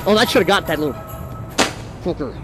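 A man giving loud, excitable gameplay commentary, swearing and shouting at the characters in a video game he is playing. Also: on the high side, brisk. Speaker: gaming video creator. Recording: loud game music behind the voice.

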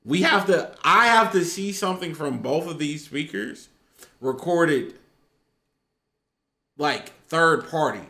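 A man co-hosting a casual reaction chat, loud and jokey, recorded in an echoey room. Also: on the high side, expressive, slow, pauses often. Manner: loud, jokey, bursts into shouting laughter. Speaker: co-host.

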